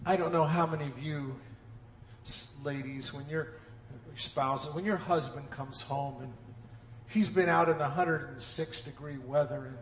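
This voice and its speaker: A man preaching a sermon with folksy humor, swinging from loud emphasis to hushed, dropped phrases. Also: a little high, steady tone, a little slow, slight background noise. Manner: dramatic swings from loud emphasis to near-whispered drops. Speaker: pastor. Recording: echoey church hall.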